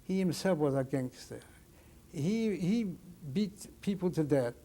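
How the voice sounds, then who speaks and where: A man in his sixties giving oral history testimony as a survivor, telling his story plainly and haltingly, often restarting his sentences. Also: on the high side, lively intonation, warm tone. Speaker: Holocaust survivor interviewee.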